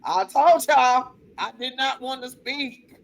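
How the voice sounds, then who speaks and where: A woman co-hosting a casual talk show, telling personal stories in a blunt, profane, lively way and acting out other people's voices. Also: sits high, takes it slowly. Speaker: co-host. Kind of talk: casual chat, personal storytelling.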